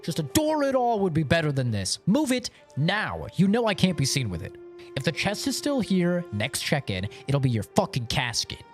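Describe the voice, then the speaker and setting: A man's voice: on the high side, wildly swooping pitch, moderate pace, faint music behind, pitched above the performer's own voice. A man playing a furious snarling crime boss. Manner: threatening, insulting, snarling. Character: furious male crime boss writing a note.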